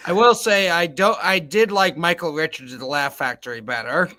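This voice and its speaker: A man's voice: on the high side, moderate pace, sharp tone, slight background noise. A man on a podcast musing hesitantly in casual chat. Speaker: podcast co-host.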